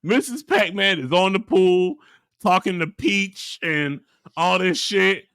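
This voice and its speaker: A man's voice: high-pitched, slow, clean tone, dry recording, clean studio sound. A man co-hosting a casual podcast, retelling a story with lots of laughter and acted-out voices. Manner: animated storyteller, laughs a lot, acts out characters. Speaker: podcast co-host. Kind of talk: casual chat.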